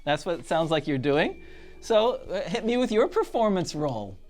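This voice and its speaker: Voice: mid-range voice, very animated, moderate pace, darkish tone, faint music behind. A game master narrating a tabletop game, hesitant and full of fillers.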